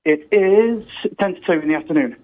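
A man's voice: high voice, fairly quick. A British man calling into a radio show, chatting playfully over a phone line. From Britain. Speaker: caller. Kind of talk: casual chat.

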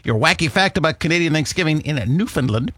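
A man's voice: fairly high pitch, expressive, fast talker, fairly bright tone, no room sound. A man hosting a radio show, chatting casually in a jokey, rambling way. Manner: jokey, rambling, acts out quotes. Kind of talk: casual morning show chat.

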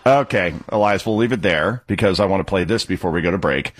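A man hosting a talk radio show, giving opinionated political commentary in a sarcastic, emphatic way. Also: fast talker. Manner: sarcastic, emphatic, swings pitch widely.

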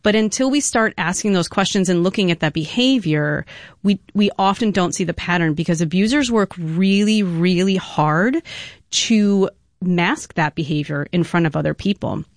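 Animated woman explaining a pattern. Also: lowish voice, moderate pace, no echo, clean studio sound. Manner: animated, explanatory, uses "you know" and "right?". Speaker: domestic violence expert guest. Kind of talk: explanatory panel talk.

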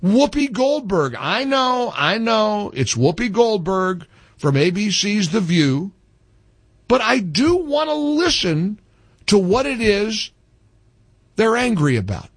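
A man hosting a political commentary show, delivering an opinionated monologue in a sarcastic, indignant manner with animated emphasis. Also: sits high, slow, slightly rough, dry recording.

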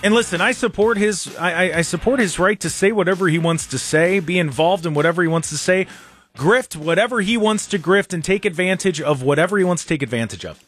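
A man's voice: high voice, lively intonation, brisk, a bit bright, husky, faint music behind. A man hosting a radio talk show, talking casually and sarcastically with mocking asides. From Ohio.

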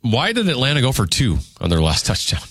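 A man's voice: mid-range voice, wildly swooping pitch, fairly quick, fairly bright tone, slightly rough, no room sound. A man co-hosting sports talk radio, asking questions in a dry manner. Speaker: radio co-host.

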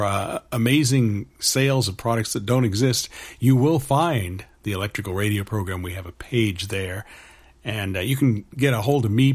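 A male radio host with a slightly husky voice, talking in a relaxed, chatty manner between songs. His pitch moves around a lot, giving the talk a lively, animated lilt, and he drops in wry asides. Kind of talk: casual radio back-announcing.

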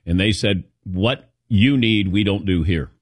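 A man's voice: fairly low pitch, a little slow, dry recording. A man hosting a casual chat show, telling rambling personal stories. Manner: rambling anecdotal storytelling. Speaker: host.

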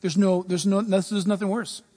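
A man's voice: high-pitched, flat delivery, normal speed, dark tone, no echo. A man preaching on a talk show, fervent and emphatic, repeating key lines.

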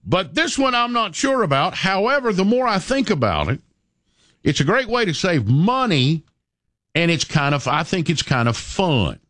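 A man's voice: high voice, very animated, moderate pace, a bit bright, no echo, clean studio sound. A man hosting a morning radio show, chatting in a rambling way with stammered repeats. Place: radio studio. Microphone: studio microphone.

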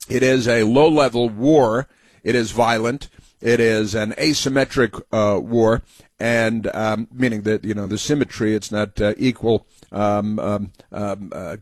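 A man's voice: mid-range voice, no echo. A man hosting a political talk show, rambling and sarcastic, with many fillers and asides. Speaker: radio talk host.

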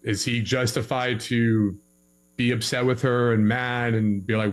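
A man's voice: medium pitch, normal speed, low-quality recording. A young man giving relationship advice in a casual podcast conversation, acting out both sides of a couple's arguments in his stories.

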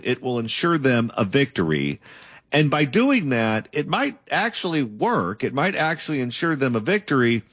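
A man's voice: mid-range voice, a bit bright, no room sound, studio quality. A man interviewing a political candidate and asking long, opinionated questions.

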